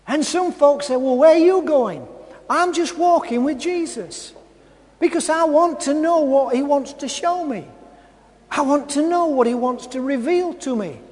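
High, slow-speaking male preacher in a reverberant hall. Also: darkish tone. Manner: repetitive, asks the congregation rhetorical questions. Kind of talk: sermon.

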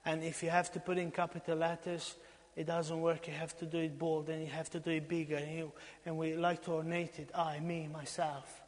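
A man from Romania preaching a sermon in a church, repeating his phrases for emphasis and swinging between loud exhortation and hushed lines. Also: a little high, flat delivery, a little fast. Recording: long reverb in a church hall.

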